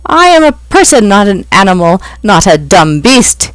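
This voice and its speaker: A reader voicing an indignant, excitable male pixie who shouts in stiff, formal phrasing. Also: mid-range voice, normal speed, clean tone, dry recording, voice pushed up. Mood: huffy protest. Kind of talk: audiobook reading.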